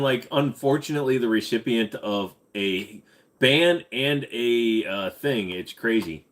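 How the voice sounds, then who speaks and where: A man's voice: medium pitch, measured pace, a bit bright. A man hosting a casual live question-and-answer stream, rambling and swearing freely with lots of fillers. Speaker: livestream host.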